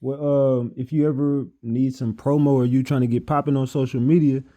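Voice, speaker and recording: Blunt man with a dark voice. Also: mid-range voice, fairly even intonation, a little fast. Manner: blunt, probing questions. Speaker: interviewer. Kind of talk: casual phone interview.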